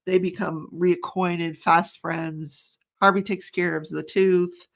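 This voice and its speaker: A woman's voice: on the low side, level tone, slow, creaky. A middle-aged woman recapping a trial in a chatty, rambling way, often laughing. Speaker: true crime commentator.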